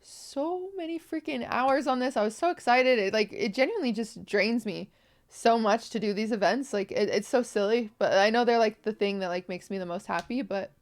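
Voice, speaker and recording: A woman's voice: mid-range voice, fairly quick. A young woman streamer talking to her viewers on a livestream, tearful, rambling and apologetic. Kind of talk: emotional livestream talk.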